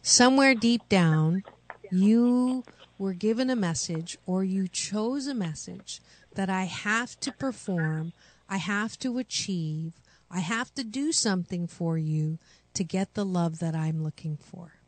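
A woman hosts a radio call-in show and coaches her callers in a slow, unhurried way. Her delivery is soothing and affirming, and the studio sound is dry and close. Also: medium pitch, lively intonation, dry recording.

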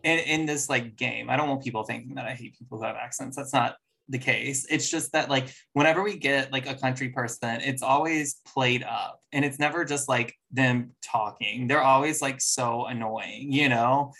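A man's voice: medium pitch, steady tone, moderate pace, vocal fry, pushed and bright. Frank, opinionated man talking casually. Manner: frank, opinionated, laughs often. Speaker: podcast co-host. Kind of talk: casual reality-TV chat.

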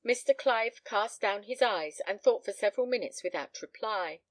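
A woman narrating a story in a measured, gently expressive reading. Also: mid-range voice, no echo. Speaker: audiobook reader. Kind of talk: scripted narration.

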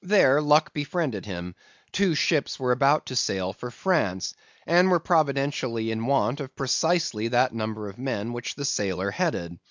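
A man's voice: mid-range voice, sing-song, a little slow, fairly bright tone, no echo, muffled recording. Man reading a classic novel aloud. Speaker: audiobook reader. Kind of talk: scripted narration.

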